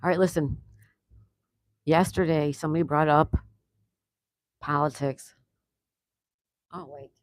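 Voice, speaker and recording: A woman's voice: deep voice, fairly even intonation, a little slow, long pauses, no echo. Chatty woman hosting a live stream, dry sound. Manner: chatty, greets viewers and answers the chat; laughs often. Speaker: livestream host. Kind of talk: casual live-stream chat. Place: home in Florida.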